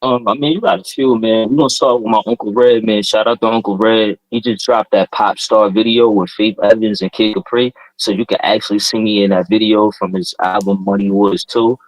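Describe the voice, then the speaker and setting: A man's voice: fairly low pitch, steady tone, a little fast, hardly any pauses, dry recording, low-quality recording. A man from New Jersey with a Jersey accent, a guest rapper in a casual podcast interview, talking with confident hype and slang. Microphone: video call.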